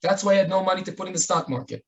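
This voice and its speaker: A man's voice: sits high, racing, lo-fi sound. A man with an Israeli accent, speaking at a remembrance webinar and telling stories earnestly with quoted dialogue. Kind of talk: storytelling tribute. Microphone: webinar microphone.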